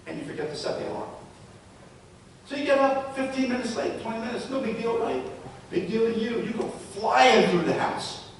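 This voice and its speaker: A man with a fairly high voice gives a live talk, leaning on stories and rhetorical questions. He is heard from a distance in a big, echoing hall with long reverb and a faint low rumble behind him. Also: animated, moderate pace. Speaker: presenter. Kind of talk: live public talk to parents and educators.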